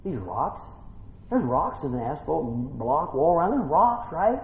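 A high, highly animated male preacher who drops low for scripture and bursts into shouts. He keeps calling out questions to the congregation. The sound is dull and echoes with a long hall tail. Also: normal speed, creaky, a little hiss or hum. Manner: swings from quiet reading to shouted excitement. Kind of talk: sermon.

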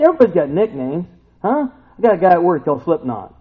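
Husky animated man preaching, phone-like sound. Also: a little high, fast. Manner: animated, conversational, acts out the voices of people he quotes. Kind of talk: casual sermon. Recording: tinny lo-fi phone-like recording.

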